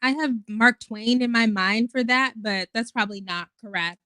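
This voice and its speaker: A woman's voice: mid-range voice, fairly even intonation, normal speed, hardly any pauses, sharp tone, no echo. A woman in her twenties hosting a casual livestream, chatting in a rambling way with lots of fillers and swearing. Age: 20s. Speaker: host.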